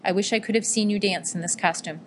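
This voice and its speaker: A woman voicing a badly wounded young male soldier who speaks softly and gently in an audiobook. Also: mid-range voice, fairly even intonation, fast talker, slight background noise, close to an everyday voice. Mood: tender. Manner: soft, murmuring.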